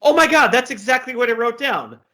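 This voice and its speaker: Male podcast co-host, casual and animated, bright lively delivery. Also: extremely high pitch, a little fast. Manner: animated, laughs often. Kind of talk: casual chat.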